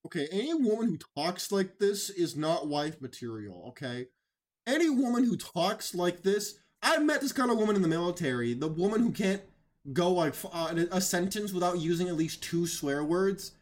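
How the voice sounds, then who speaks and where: A man's voice: high voice, very animated, moderate pace. A man giving mocking, incredulous reaction commentary on videos, often emphatic and raising his voice.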